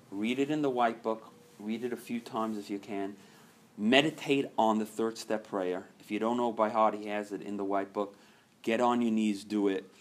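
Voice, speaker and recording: Earnest guy running a recovery meeting, goes quiet then loud, faint noise behind. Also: on the low side. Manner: earnest, swings from soft to loud and emphatic. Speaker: recovery group leader.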